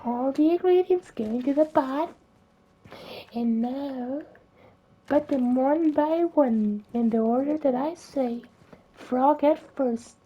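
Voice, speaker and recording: A woman's voice: high voice, slow, lo-fi sound, pitched above the performer's own voice. A woman voicing a sly old witch brewing potions in an improvised story, drawing out her words.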